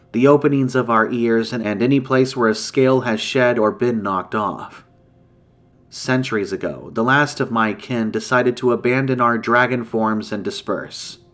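Casting: male reader as an old, grave she-dragon in a storybook tale, formal and measured, soft music underneath. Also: mid-range voice, lightly acted. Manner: solemn, measured, formal speech. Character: ancient grave female dragon in human form.

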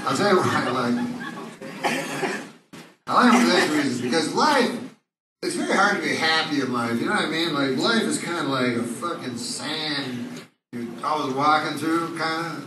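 A man's voice: on the high side, lively intonation, moderate pace. A man doing a rambling, crude stand-up set with meandering asides, taped from the audience in a comedy club. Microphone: audience bootleg recording from far off. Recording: far-off echoey club bootleg with loud crowd. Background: loud audience laughter and noise.

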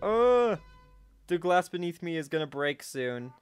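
Brief: male gameplay commentator, slightly high voice, jumpy and easily frustrated, self-talk at a desk mic. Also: moderate pace, clean tone, soft background music. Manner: excitable, jumps into high-pitched outbursts, talks to himself. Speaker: gaming channel host. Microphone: desk microphone.

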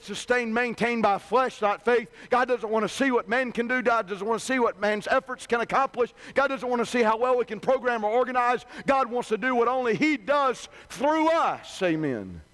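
High-voiced male preacher telling folksy stories. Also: fairly bright tone. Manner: conversational, humorous, repetitive. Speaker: revival preacher. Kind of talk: sermon with folksy storytelling.

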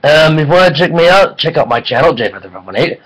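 A man with a slightly raised pitch talks through a casual online review. He rambles eagerly and keeps joking between his points. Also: quick pace, slightly rough, rough recording. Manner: excitable, rambling, jokey. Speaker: film reviewer.

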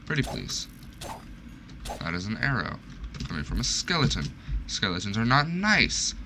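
A man's voice: fairly low pitch, very animated, normal speed, pushed and bright, slight background noise. A young man streaming gameplay, talking to the game in a panicky, self-mocking way as things go wrong. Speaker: gaming streamer. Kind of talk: live gameplay commentary.

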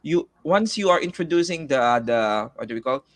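A man's voice: a little high, lively intonation, moderate pace, dry recording. A man with a Filipino accent co-hosting a lesson, chatty and full of fillers, often laughing. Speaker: teacher co-host. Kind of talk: taglish lesson discussion.

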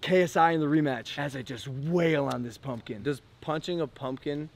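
A man in his twenties, vlogging in casual joking chat, loud and swaggering with sudden shouts. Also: fairly high pitch, moderate pace, vocal fry. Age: 20s.

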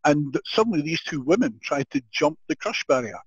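An older Scottish man tells his story with lively energy, laughing often and restarting his sentences. His voice sits a little high and sounds husky. The recording is dry and dull, like lo-fi audio. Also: fairly quick, no echo. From Scotland. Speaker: guest. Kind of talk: storytelling in a podcast interview.

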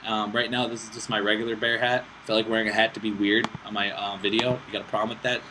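Excitable young man joking through a game. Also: on the low side, quick pace. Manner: excitable, joking and self-mocking, swears often. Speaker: gaming channel host. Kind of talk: casual gameplay commentary. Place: indoors, playing on a laptop with friends in the room. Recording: steady background noise with mouse clicks.

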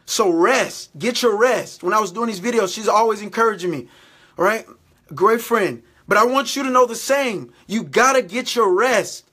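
A faith vlogger, this man speaks to his camera in a high, bright, forceful and slightly rough voice at normal speed. His motivational faith talk exhorts and repeats itself, often checking in with "all right?".

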